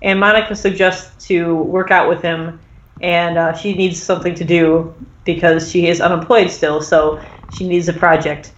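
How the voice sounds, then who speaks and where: A woman recaps a story in loose, rambling casual chat, stacking fillers and jumping into the characters' voices. Her voice sits a little low for a woman. She sounds like she's in a roomy space on a dull, lo-fi recording. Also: little pitch movement, moderate pace. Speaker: podcast host recapping an episode.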